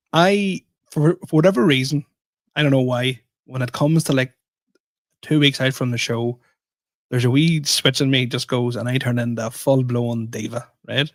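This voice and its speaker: A man co-hosts a podcast, telling a story in casual conversation and making fun of himself along the way. He's an animated, self-mocking storyteller with a mid-range voice, and the recording is dry.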